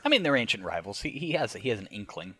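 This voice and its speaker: A man in his thirties co-hosting a podcast, chatting casually in an animated way with stammering restarts. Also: lowish voice, fast talker, slightly rough, no echo. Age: 30s. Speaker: podcast co-host. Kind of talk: casual recap chat.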